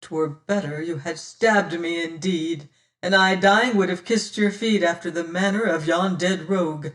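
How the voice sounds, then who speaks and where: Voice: mid-range voice, measured pace, fairly bright tone, echoey room, far from the mic, close to an everyday voice. A reader voicing a tormented, passionate young man. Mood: remorseful. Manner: fierce and demanding, then remorseful. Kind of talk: audiobook character reading.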